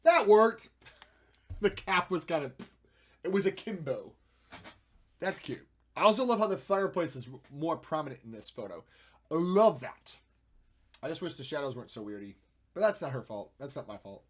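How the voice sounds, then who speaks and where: A man streaming while he edits photos, chatting and thinking aloud, with playful sound effects and jumps between loud and quiet. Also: fairly high pitch, expressive, moderate pace, long pauses, breathy edge. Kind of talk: casual live-stream commentary.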